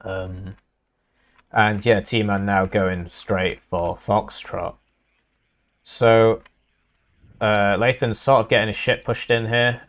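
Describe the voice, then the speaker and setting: A man's voice: lowish voice, little pitch movement, slow, pauses often. A young man casting a live strategy game match, casual and rambling with lots of fillers. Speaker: caster.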